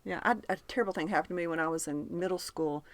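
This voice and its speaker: A woman's voice: lowish voice, fast talker, dry recording. A woman hosting a podcast, telling stories in a chatty way and steering the conversation. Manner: chatty storyteller, leads the segment. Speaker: podcast host. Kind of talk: casual chat.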